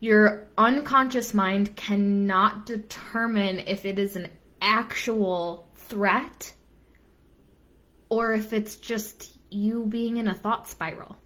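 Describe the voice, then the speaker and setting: Casting note: young woman coach, earnest and lively, mid-pitched voice, repeats lines for emphasis. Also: takes it slowly. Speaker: business coach. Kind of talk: live-stream coaching talk.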